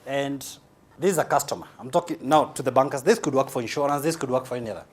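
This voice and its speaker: A man's voice: mid-range voice, fast. A man with a Kenyan accent giving a humorous conference speech, teasing and provocative in a large hall. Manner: teasing, punchy, playfully provocative. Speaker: motivational speaker. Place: large hall with a live audience.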